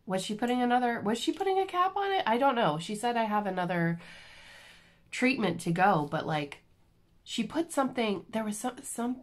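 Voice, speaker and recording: A woman vlogger telling a personal story in a casual, animated, self-deprecating way with lots of fillers. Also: fairly high pitch, normal speed. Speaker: crafting vlogger.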